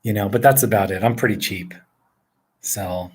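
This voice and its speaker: A man's voice: fairly low pitch, normal speed, husky. A man in his forties from northern New Jersey, chatting casually and rambling with viewers, chuckling often as he answers their questions. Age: 40s. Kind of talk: casual live chat. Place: indoors at home.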